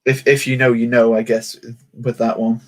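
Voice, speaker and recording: A man's voice: medium pitch, little pitch movement, moderate pace. A man chatting casually on a livestream while building a toy set, joking and poking fun at himself. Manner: chatty, joking, self-mocking.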